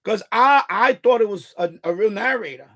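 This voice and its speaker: A man from Puerto Rico hosts a live stream and talks casually at a desk mic. His voice sits high for a man, with a gravelly edge running through it. He gets animated and profane, piling up restarts and swearing as he goes. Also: normal speed. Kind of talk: casual chat.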